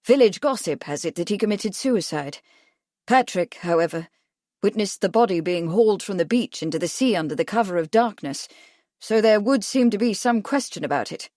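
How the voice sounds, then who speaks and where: A woman reading a mystery audiobook in an even storytelling manner. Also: mid-range voice, normal speed, no room sound, studio quality. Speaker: audiobook narrator. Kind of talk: scripted narration.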